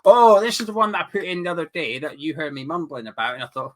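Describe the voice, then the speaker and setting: A man's voice: on the high side, expressive, fast talker. A man co-hosting a casual football chat, reading out viewer questions in an easygoing way. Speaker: co-host.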